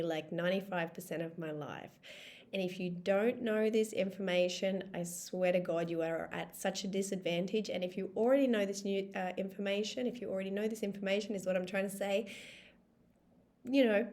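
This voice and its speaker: A woman's voice: fairly low pitch, a little mellow. Chatty, emphatic woman life coach. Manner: chatty, emphatic, swears casually. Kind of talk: casual vlog monologue.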